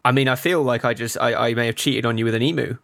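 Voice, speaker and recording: A man's voice: medium pitch, fairly even intonation, quick pace, vocal fry, a bit bright, no echo, studio quality. A man playing a comedy game show, joking with mock outrage and gamer slang. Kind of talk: improv comedy banter.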